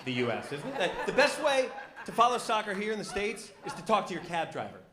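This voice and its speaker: A man's voice: high voice, brisk, a crowd in the background. A man performing a stand-up routine on a comedy club stage, telling stories and acting out the people in them. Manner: storytelling, animated acting-out of characters. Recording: live club recording with audience noise.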